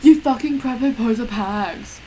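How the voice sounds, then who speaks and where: Brief: woman reading angry male wizard yelling insults, slightly high. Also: unhurried, a little hiss or hum, lightly acted, rough recording.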